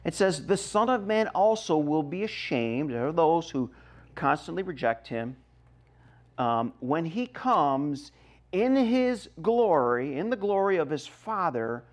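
A man's voice: on the high side, sing-song, a little slow. A middle-aged man preaching a sermon as a pastor, reading scripture and explaining it emphatically, his voice rising and dropping sharply. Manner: emphatic preaching with wide swings in loudness.

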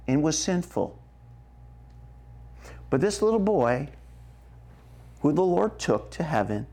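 A man preaching a sermon, slow and emphatic, checking in with the congregation as he goes. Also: fairly high pitch, gravelly, a little mellow, husky. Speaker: pastor.

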